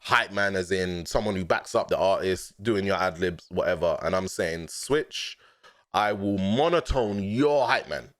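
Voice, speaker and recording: A man with a London accent casually breaking down his own rap lyrics in a slangy, laid-back way, laughing often and breaking into excited bursts. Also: low-pitched, unhurried, dry recording, clean studio sound.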